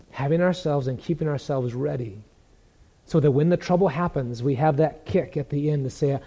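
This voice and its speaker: A man preaching a sermon with impassioned, emphatic delivery, slowing down to read scripture aloud. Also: fairly high pitch, warm tone. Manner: impassioned, rising to emphatic peaks, reads scripture slowly.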